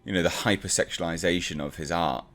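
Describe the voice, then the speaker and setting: A man's voice: low-pitched, steady tone, fast talker, a bit bright. A man reviewing a comic book in a casual, exasperated and sarcastic rant.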